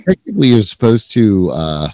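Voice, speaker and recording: A man's voice: lowish voice, wildly swooping pitch, warm tone, dry recording. A man co-hosting a casual podcast chat, starting over often as he talks. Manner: halting, restarts often. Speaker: podcast co-host.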